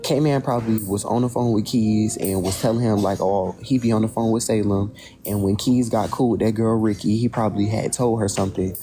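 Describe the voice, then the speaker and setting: A man calmly explaining his side of a dispute to the camera, in a laid-back, matter-of-fact way. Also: lowish voice, a little fast, slight background noise.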